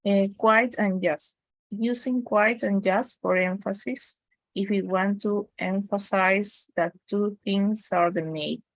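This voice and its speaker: Woman, slow halting reading, gravelly voice. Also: mid-range voice, steady tone, dry recording, poor audio. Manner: reads aloud haltingly, restarting words. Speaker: student.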